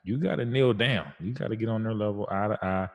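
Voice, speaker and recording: A man's voice: on the low side, brisk, long reverb tail. A man co-hosting a podcast about fatherhood, telling stories in a laid-back, slangy, reflective way. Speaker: podcast co-host. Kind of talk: casual chat.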